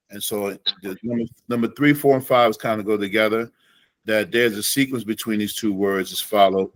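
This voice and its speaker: Man teaching, slow drawn-out demonstrations. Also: fairly low pitch, fairly even intonation, no room sound, poor audio. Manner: demonstrates Arabic phrases slowly, drawn out. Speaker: Islamic studies teacher. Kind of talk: relaxed classroom teaching.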